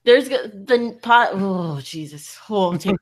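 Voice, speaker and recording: A woman's voice: medium pitch, animated, measured pace. A woman co-hosting a podcast, chatting in a giggly, playful way. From United States. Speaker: podcast co-host. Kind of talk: casual chat.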